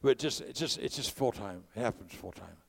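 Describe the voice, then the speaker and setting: A man's voice: fairly low pitch, animated, fairly quick, vocal fry, slightly rough. A man from California preaching a sermon, mixing conversational storytelling with impassioned calls to his congregation. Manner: preaching with rising bursts of volume.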